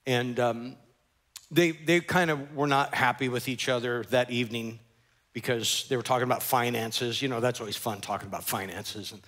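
A man's voice: mid-range voice, fairly bright tone. A male pastor preaching a sermon, telling a story animatedly and acting out characters and sound effects.

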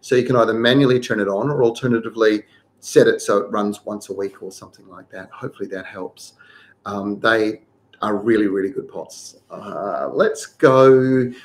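A man's voice: fairly low pitch, normal speed. Man hosting a live gardening Q&A. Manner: reads viewer questions aloud, then gives practical advice. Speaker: gardening show host. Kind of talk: live viewer Q&A.

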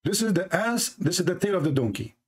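A man hosting a religious debate show, speaking in a sarcastic, mocking way and reading texts aloud slowly. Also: big pitch swings, breathy edge. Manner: sarcastic, reads texts aloud slowly, mimics opponents in a high voice.

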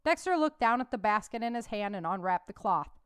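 Smooth-voiced woman author reading her novel. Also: mid-range voice, lively intonation, fairly quick, no room sound, clean studio sound. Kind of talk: audiobook narration and conversational commentary.

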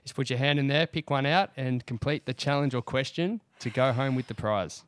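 A man co-hosting a podcast, upbeat and playful, pitching a sponsor segment. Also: a little fast. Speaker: podcast co-host. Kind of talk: casual chat, reading ad segments.

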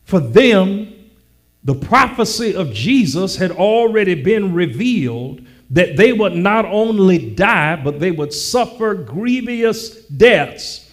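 A male pastor preaching a sermon, teasing his congregation, repeating lines slowly, and building to a shouted preaching cadence. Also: high voice, very animated.

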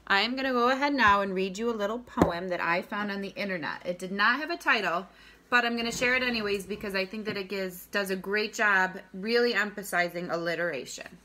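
A woman teacher giving a recorded lesson to young children, speaking slowly and deliberately, stressing key words and repeating them. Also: medium pitch, bright, forceful tone, a little hiss or hum.

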